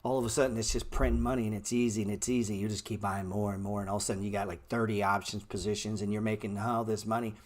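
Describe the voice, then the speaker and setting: A low-voiced man runs a live stock-trading stream and talks straight to his chat. His talk is blunt and slangy, full of bro and man, and he repeats words playfully to make a point. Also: level tone, fast, hardly any pauses, darkish tone. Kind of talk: live market commentary answering chat.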